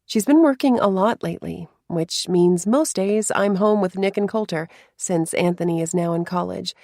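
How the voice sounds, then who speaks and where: A woman narrating a first-person romance story in a soft, confiding way, with hushed asides. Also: on the low side, normal speed, creaky, no room sound, clean studio sound.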